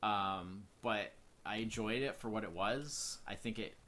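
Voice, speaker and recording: A man's voice: fairly low pitch, measured pace, sharp tone. A man co-hosting a podcast, chatting casually about a movie with lots of "like" and "you know". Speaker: podcast co-host. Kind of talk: casual film review chat.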